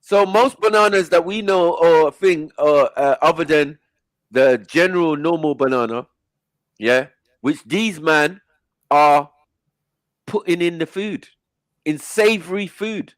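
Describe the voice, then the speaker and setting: A man's voice: a little high, unhurried, dry recording. Exasperated man hosting, dry sound. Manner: animated, exasperated ranting with swearing. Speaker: stream host. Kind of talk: casual panel chat.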